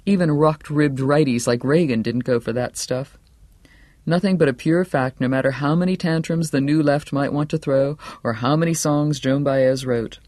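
A man reading a novel aloud in a measured, steady storytelling voice. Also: on the high side, no echo, studio quality. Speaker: audiobook narrator. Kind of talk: scripted narration.

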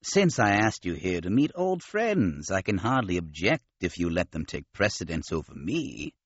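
A man voicing a modest male alien admiral with a nasal voice, gentle and courteous. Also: low voice, very animated, normal speed, breathy edge, no echo, muffled recording, pitched below the performer's own voice, full character voice.

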